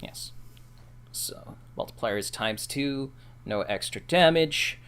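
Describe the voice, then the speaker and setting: A man playing a tabletop game, who walks through his spell and dice rolls step by step. His voice sits at an ordinary middle pitch. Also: animated, slow, a bit bright, clean tone. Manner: methodical, spells out mechanics. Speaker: player. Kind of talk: casual tabletop play.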